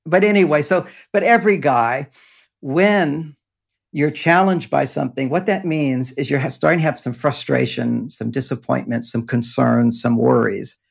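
A man's voice: medium pitch, normal speed, vocal fry, husky. An older man talking in a rambling, explanatory way in a casual interview, often breaking into laughter, speaking from an underground home office. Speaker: relationship author and guest.

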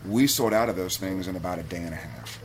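A man's voice: deep voice, fast talker, crowd noise. A man on a podcast as a guest, telling a personal story in a candid, heartfelt way that gets him choked up. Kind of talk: casual storytelling.

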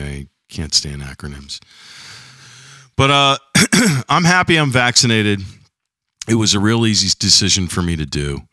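A man's voice: deep voice, bright, forceful tone, dry recording, clean studio sound. A middle-aged man hosting a casual solo podcast, rambling and chatty with a slight lingering cough. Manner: rambling, chatty, self-deprecating. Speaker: podcast host.

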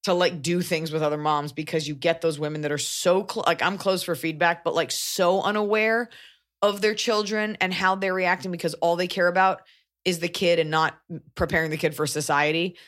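A woman in her thirties with a low voice co-hosts a casual podcast chat. She talks bluntly, dropping wry, quick asides. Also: fairly even intonation, a bit bright. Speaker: podcast co-host.

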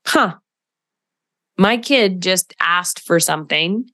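Woman podcast host, slow and low, reflective coach who keeps asking "right?", dry booth sound. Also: lively intonation, a bit bright, no echo. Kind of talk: solo podcast monologue.

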